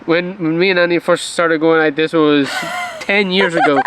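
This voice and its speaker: A man's voice: on the high side, steady tone, moderate pace, a bit bright, smooth, rough recording. A man in his thirties chatting outdoors by a camper van, presenting with a teasing, upbeat manner. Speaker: vlogger. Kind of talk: casual chat.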